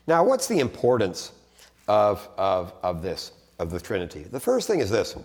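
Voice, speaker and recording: Man, lowish voice, explaining theology casually, long echo of a hall. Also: moderate pace. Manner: conversational, repeats and restarts phrases, animated emphasis. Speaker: theology lecturer. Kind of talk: teaching talk on theology.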